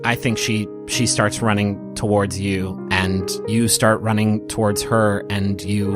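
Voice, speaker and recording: A man narrating as game master of a tabletop game, telling the scene gently and unhurried, over soft piano and guitar music. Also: on the low side.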